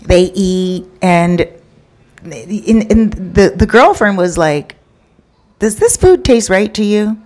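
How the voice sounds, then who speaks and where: A woman casually telling a true story, acting out everyone's lines with sudden jumps in pitch and chatty asides to the listener. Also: expressive, takes it slowly, a little mellow. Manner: retells with quoted dialogue, voicing each person with pitch jumps.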